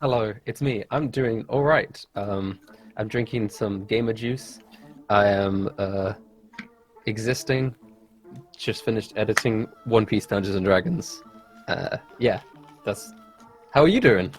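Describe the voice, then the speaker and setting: A man's voice: fairly low pitch, a little slow, pauses often, faint music behind. A young man from England with an English accent, chatting as an interview guest in a laid-back, rambling way. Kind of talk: casual interview chat.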